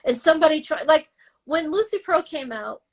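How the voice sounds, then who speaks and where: Speaking at a moderate pace in a high-pitched voice, a woman guest singer recounts her story in an interview. She's animated, emotional and blunt, dropping the occasional curse.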